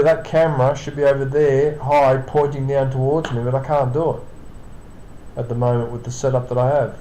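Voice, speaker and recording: A man's voice: medium pitch, mellow, a little hiss or hum. A tired man hosting his own live stream from his apartment, chatting in a rambling, self-correcting way and yawning now and then. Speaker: streamer host. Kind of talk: casual live-stream chat. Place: home apartment. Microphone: computer setup with webcam. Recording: roomy echoey room.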